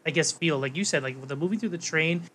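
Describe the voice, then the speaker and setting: Man with a Hawaiian accent, co-host, higher voice, loose rambling delivery full of fillers. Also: fast, breathy edge. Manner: rambling, lots of "like" and "um", animated storytelling. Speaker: podcast co-host. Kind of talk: casual chat.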